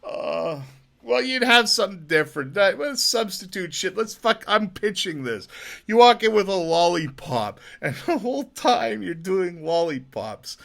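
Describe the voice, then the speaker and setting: A man rambling through drunken comedy riffs, giggling often and swinging between low mutters and loud outbursts. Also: very animated, a little slow, gravelly. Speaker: comedy vlogger.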